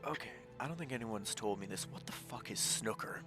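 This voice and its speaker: A male player with a fairly low, bright, forceful voice, casual and swearing freely as he plays a live tabletop game. Faint music sits in the background. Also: expressive, brisk. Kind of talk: live-streamed tabletop role-play.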